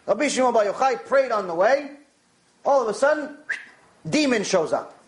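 A man with a high-pitched voice delivers a Torah lecture. He tells stories with animation and repeats key phrases to drive them home. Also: moderate pace. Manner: animated storytelling, with repetition for emphasis. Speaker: Torah teacher.

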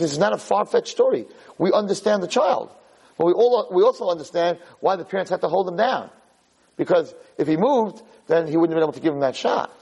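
A man tells stories to teach a lesson, with pitch that leaps around as he acts out each scene. His voice sits a little high for a man and has a husky edge. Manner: animated storyteller, acts out characters. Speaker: Torah teacher. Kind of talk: storytelling lesson. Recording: podcast audio.

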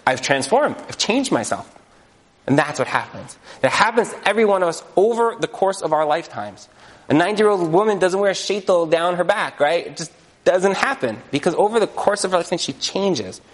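A man delivers a sermon with an animated, storytelling delivery, his voice sitting high and swinging widely in pitch. He acts out the voices of the people in his stories. Long reverb from the hall trails after his words. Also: fairly quick. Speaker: rabbi.

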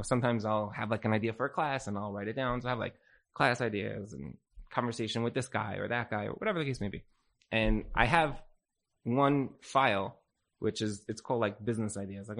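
A male teacher giving an informal class talk. He tells stories in a loose, conversational way and keeps dropping filler words as he goes. His pitch sits in an ordinary middle range. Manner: casual and storytelling, with many "like" fillers.

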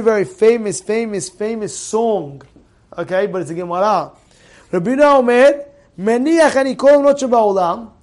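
A middle-aged man giving an animated sermon, telling stories, repeating his phrases and mixing in Hebrew words. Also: sits high. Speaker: Torah teacher.

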